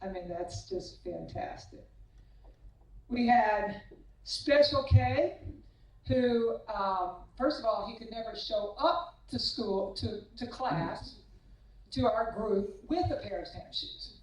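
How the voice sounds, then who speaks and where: A woman tennis coach gives a humorous after-dinner speech at a club banquet hall, teasing former players with anecdotes and acting out their voices. Her voice is on the high side, slow and darkish in tone. The mic is distant and the hall is echoey.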